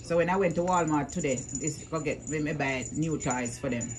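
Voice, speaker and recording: A woman's voice: sits low, normal speed, darkish tone, a little hiss or hum. Woman coaxing her cats. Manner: coaxing, sing-song, repeats commands. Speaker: vlogger. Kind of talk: casual talk to her cats.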